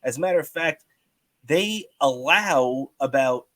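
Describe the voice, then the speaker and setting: A man's voice: fairly high pitch, expressive, unhurried, a bit bright, no room sound. Casual guy on a sports podcast, rambles w lots of ums, dead dry room. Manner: rambling, many restarts and fillers. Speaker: podcast co-host.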